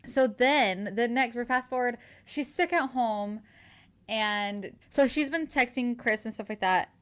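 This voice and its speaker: A woman's voice: fairly high pitch, unhurried, smooth. A woman co-hosting a podcast, casually retelling a novel's plot with lots of "like" and acted-out dialogue. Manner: animated storyteller, acts out dialogue, frequent "like". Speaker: podcast co-host. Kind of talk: casual book recap chat.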